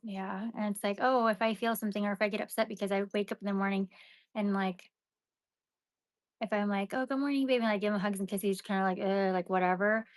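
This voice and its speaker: A woman's voice: mid-range voice, flat delivery, fast talker, no room sound. A young woman chatting casually and venting to her live-stream viewers, with "like" and "you know" running through her talk. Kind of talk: casual rambling chat to viewers.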